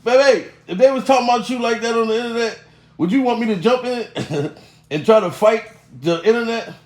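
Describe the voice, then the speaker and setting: A man's voice: very high voice, a little fast, a little mellow, reverberant, pitched above the performer's own voice. A man putting on the voice of a rich older man who laughs as he teases his wife. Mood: gleeful. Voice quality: gleeful, laughing.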